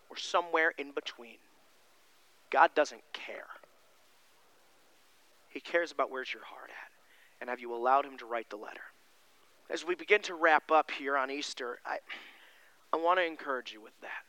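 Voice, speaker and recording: A male pastor delivering a sermon in a folksy, emphatic way, swinging between loud stressed lines and quiet, low passages. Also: no echo.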